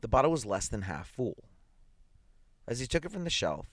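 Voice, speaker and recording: A man reading a dramatic short story aloud in an expressive, measured way. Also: mid-range voice, dry recording, clean studio sound. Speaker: story reader.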